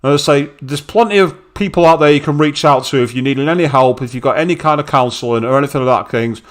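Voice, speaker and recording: A man's voice: a little high, fast. Angry, swearing man streamer. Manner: angry, blunt, swears heavily. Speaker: let's play streamer. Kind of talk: live-streamed game commentary.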